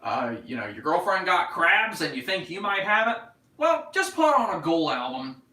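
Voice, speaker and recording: Lively, bright-voiced young North Carolina man. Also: sits high, normal speed, echoey room, far from the mic, rough recording. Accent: North Carolina Southern. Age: 20s. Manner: rambling, profane, joking. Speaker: livestream host. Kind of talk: casual livestream chat reading comments.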